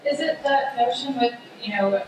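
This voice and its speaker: A woman's voice: high voice, moderate pace. A woman on a conference panel talking casually, using lots of "like". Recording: echoey hall, distant mic, room noise.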